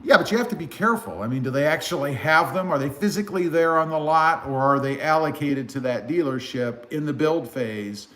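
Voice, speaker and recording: A man from South Texas hosting a casual car livestream on a phone, reading viewer comments in a relaxed, rambling way. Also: on the high side, fairly quick, hardly any pauses. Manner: relaxed, rambling with many fillers. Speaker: car channel host. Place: live stream over phone.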